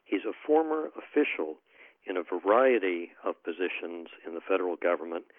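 A man opening a panel event as moderator, formally introducing the speakers in a measured way. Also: sits low, very animated, no echo. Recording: tinny phone-like line, dry.

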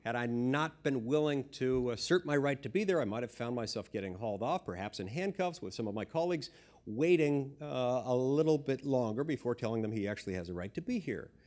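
A man's voice: mid-range voice, lively intonation, a little fast, a little mellow. A man, a senator, giving a humorous speech built on anecdotes, told in a dry, self-deprecating way.

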